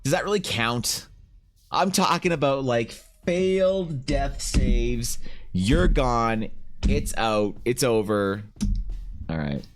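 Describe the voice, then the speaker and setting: A young man chatting casually on a live art stream, animated and swearing as he banters with viewers, his voice slightly rough. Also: medium pitch, slow, soft background music.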